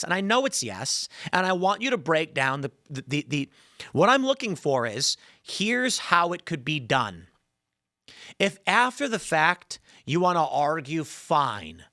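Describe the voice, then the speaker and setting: A male podcast host in an animated, sarcastic monologue, his pitch leaping up and down as he acts out both sides of an argument. His voice is bright and forceful, and the sound is dry and close. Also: no room sound.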